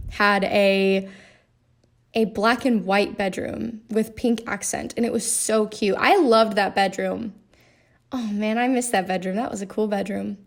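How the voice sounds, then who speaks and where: Young woman, chatty game voice-over, rambling, fillers, slightly high voice. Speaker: game streamer. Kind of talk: casual voice-over commentary.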